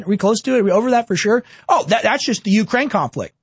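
A man in his twenties rants through heated, sarcastic political commentary. His voice sits high for a man, and it is recorded close and dry with no room sound. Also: lively intonation, quick pace, husky, dry recording. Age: 20s.

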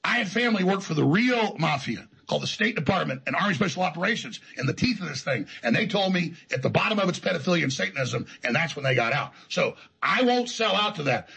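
A man's voice: on the high side, sing-song, quick pace, gravelly, hardly any pauses, bright, forceful tone, slightly rough, low-quality recording. A man telling his story as an interview guest, in an emphatic, defiant, rambling way. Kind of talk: heated conversational storytelling.

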